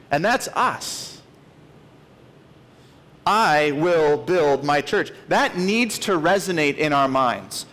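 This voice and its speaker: A man's voice: fairly high pitch, a bit bright. Earnest male pastor in his thirties. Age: 30s. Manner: earnest, emphatic, with rising stress on key words. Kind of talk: sermon.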